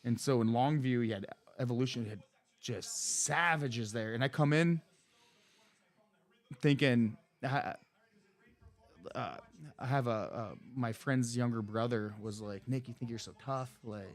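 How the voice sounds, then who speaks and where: A man in his thirties tells a story on a podcast in loose, casual chat. He rambles, swears freely and restarts his sentences often, his pitch sitting in an ordinary middle range. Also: a little slow, long pauses. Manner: rambling, profane, many restarts and fillers. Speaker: podcast guest.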